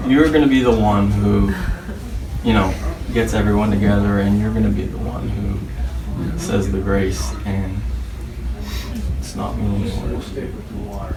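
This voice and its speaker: A man's voice: fairly low pitch, measured pace, creaky, pauses often. Man telling stories in a wedding toast. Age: middle-aged. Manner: storytelling with baseball references, animated impressions. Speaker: father giving a wedding speech. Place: wedding reception room. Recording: roomy distant mic, noisy reception hall.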